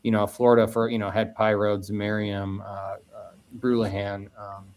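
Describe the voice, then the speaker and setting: Here a man's voice sits on the low side, level in tone, a little mellow, and moderately paced. He's a meadery owner from Northwest Indiana guesting on a podcast in casual conversation, rambling, repeating words, and often restarting.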